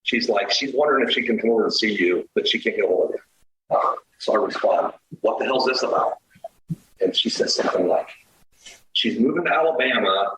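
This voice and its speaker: A middle-aged man telling a dating story as a podcast guest, animated, swearing and acting out the quoted lines. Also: on the low side, a little fast, echoey room, slight background noise, poor audio. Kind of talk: casual storytelling.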